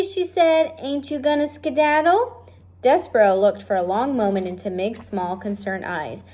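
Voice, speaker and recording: A woman reading a children's novel aloud, speaking directly and warmly to her listeners. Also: mid-range voice. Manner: friendly, direct address to listeners. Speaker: reader of a children's book. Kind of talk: read-aloud storytelling.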